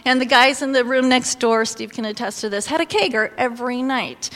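Animated woman preaching in echoing hall. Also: fairly high pitch, brisk. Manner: animated storytelling, exclaiming and laughing. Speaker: pastor's wife or preacher. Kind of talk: sermon with personal story. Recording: long hall reverb.

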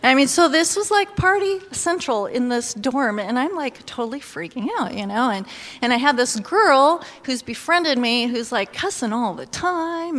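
A woman giving a sermon, telling a lively personal story with exclamations and laughter, then reading scripture. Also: sits high, moderate pace. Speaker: pastor's wife or preacher. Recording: long hall reverb.

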